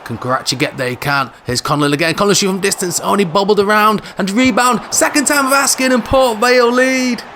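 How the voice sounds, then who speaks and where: Animated man commentating his football game. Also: sits high, a little fast, hardly any pauses, slight background noise. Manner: animated, jokey, football banter. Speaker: gaming video host.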